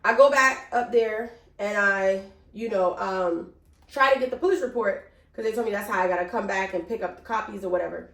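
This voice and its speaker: A young woman telling a casual storytime vlog, animated and chatty, swearing freely and calling her viewers y'all. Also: mid-range voice, brisk, echoey room. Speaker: vlogger.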